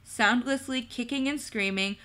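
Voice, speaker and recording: Woman narrator, storybook reading; bright, slightly high, unhurried. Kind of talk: storybook reading with character voices.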